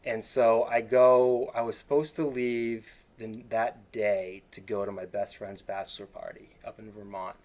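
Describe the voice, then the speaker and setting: A man in his late thirties speaks as a podcast guest over a video call, his voice sitting fairly low. He tells personal stories candidly, with a joking edge. The talk is loose and conversational. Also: level tone, unhurried, hardly any pauses, a little mellow. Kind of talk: casual conversation.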